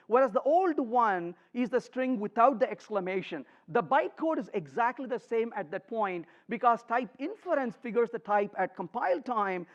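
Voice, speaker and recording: A man giving a live coding talk to a conference audience, emphatic and lively, joking with the crowd. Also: extremely high pitch. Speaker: conference speaker. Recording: slightly muffled conference recording.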